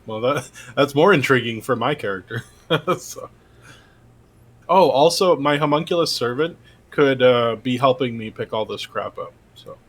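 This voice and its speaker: A man's voice: mid-range voice, normal speed, a bit bright, slightly rough. A man playing in a tabletop game, talking casually and rambling through his plans. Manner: rambling, chatty, laughs easily. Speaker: player.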